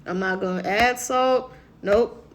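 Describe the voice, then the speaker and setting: A woman's voice: medium pitch, slow, noisy background. Woman speaker, conversational motivational talk, mid-range voice, keeps checking in with listeners. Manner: conversational, keeps asking "right?"; acts out quoted voices.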